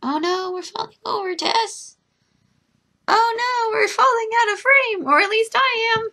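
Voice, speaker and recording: A woman's voice: very high voice, unhurried, sharp tone. A woman vlogging from home in a giggly, rambling chat, talking to her cat. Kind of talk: casual chat to camera.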